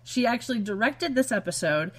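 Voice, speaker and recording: A woman's voice: on the high side, expressive, brisk, fairly bright tone. A woman co-hosting a podcast in casual chat from a home room, dry and steering the talk back on track. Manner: dry, keeps the show on track. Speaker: podcast co-host. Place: home room being moved out of.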